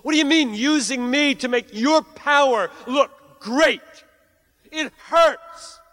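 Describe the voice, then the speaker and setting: A whining, self-centered churchgoer, put on by a man in the middle of a sermon, demands that his pain be taken away. The voice leaps far above the speaker's own register and pushes louder, sounding aggrieved and insistent. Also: extremely high pitch, takes it slowly, in a large hall, pitched above the performer's own voice, heavily acted. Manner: complaining, demanding.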